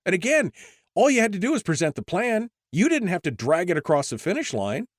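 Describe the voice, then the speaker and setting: A man's voice: high-pitched, very animated, brisk. A male talk-show host with a mid-range voice talks with his guest in a conversational, frustrated way. His sound is close and dry, with no room echo around it. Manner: frustrated, conversational, leans on "I mean".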